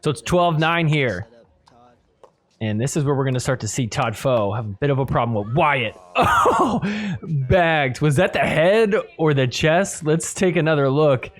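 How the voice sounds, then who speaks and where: A man hosting a podcast who reacts to sports clips with animated commentary, laughing often and putting on mock voices for the players. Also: fairly high pitch, a little slow. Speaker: podcast host.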